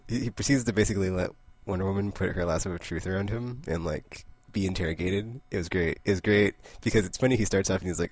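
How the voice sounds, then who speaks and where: A man casually recapping a comic book issue, rambling, laughing often and slipping into quick character voices. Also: low voice, dry recording. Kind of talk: casual comic review monologue.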